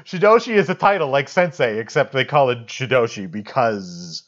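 A man co-hosting a casual comedic movie review chat, arguing in a deadpan, mock-serious way. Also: mid-range voice, moderate pace, muffled recording. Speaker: podcast co-host.

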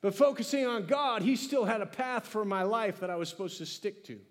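A pastor delivers a lively sermon with a notably high male voice, acting out conversations with God as he goes. His words ring with a long reverb from the church sanctuary around him. He rises and drops in energy as he preaches. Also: fairly quick.

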